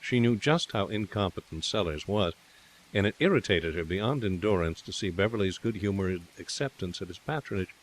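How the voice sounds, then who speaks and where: Deep-voiced male storyteller. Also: lively intonation, moderate pace. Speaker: narrator. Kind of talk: audiobook narration of a classic short story.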